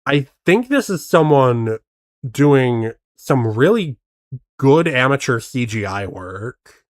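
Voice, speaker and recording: A man's voice: mid-range voice, sing-song, slow pace, no room sound, studio quality. A man streaming casual reaction commentary, skeptically picking apart how a video was faked. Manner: skeptical, picks apart tricks.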